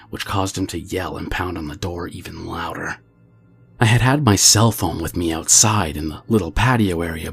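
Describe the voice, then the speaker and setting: A man reading a true scary story aloud as the channel's narrator, in a steady, low-key way. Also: vocal fry, slightly rough.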